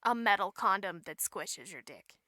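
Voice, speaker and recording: A woman co-hosting a podcast, joking loudly and crudely among friends. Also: medium pitch, expressive, moderate pace, dry recording, clean studio sound. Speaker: podcast co-host. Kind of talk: casual chat.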